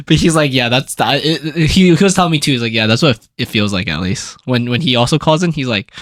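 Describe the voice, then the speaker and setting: Young male podcast co-host, laid-back and sweary, mid-pitched, dry close recording. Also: expressive, brisk, fairly bright tone, no room sound. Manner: laid-back, swears freely, drops to low mumbles. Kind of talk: casual chat.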